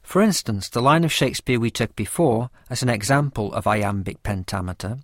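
A man reading a scripted lesson with a measured, careful explanatory delivery. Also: medium pitch, no echo, clean studio sound. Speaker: teacher of poetry. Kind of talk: scripted lecture narration.

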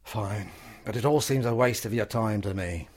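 An actor playing a grumpy, sarcastic middle-aged husband. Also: male voice, lowish voice, moderate pace, close to an everyday voice. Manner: sarcastic, irritable.

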